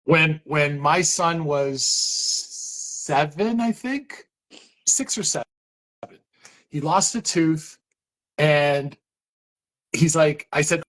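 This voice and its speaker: A man's voice: on the high side, takes it slowly, long pauses, fairly bright tone. A man hosting a casual livestream chat, reading viewer comments and telling funny anecdotes. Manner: storytelling, reads viewer comments aloud. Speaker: livestream host. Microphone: phone.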